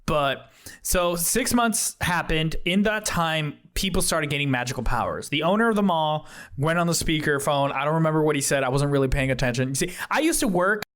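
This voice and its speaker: Man doing frazzled young plant-shop worker, rambling, flustered, slightly high voice, tabletop role-play. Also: expressive, brisk, a bit bright. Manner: rambling, flustered, talks in bursts with exclamations.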